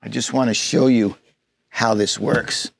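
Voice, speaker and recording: A man's voice: mid-range voice, steady tone, measured pace, vocal fry, slightly rough, no room sound. A man giving a plainspoken, folksy walkthrough of a van build, demonstrating parts as he talks. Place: inside a van.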